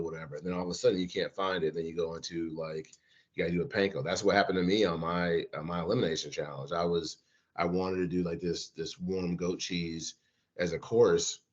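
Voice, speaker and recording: A man's voice: sits low, fairly even intonation, a little fast, lo-fi sound. A man, a guest chef, chatting casually on a podcast, rambling with many restarts and fillers. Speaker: guest chef, former competitor.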